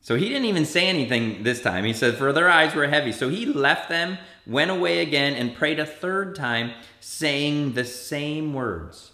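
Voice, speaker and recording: A man as a children's pastor, telling a story to kids in an animated way and acting out the quotes with big jumps in pitch. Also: normal speed, hardly any pauses, roomy sound. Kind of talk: kids' church sermon.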